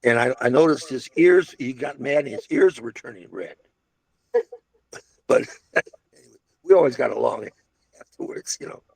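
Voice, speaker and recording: Reminiscing about the restaurant business, an older interviewee rambles, restarting and sidetracking as he goes. He speaks at medium pitch and moderate pace, expressive and husky with vocal fry, pausing often in an echo-free recording.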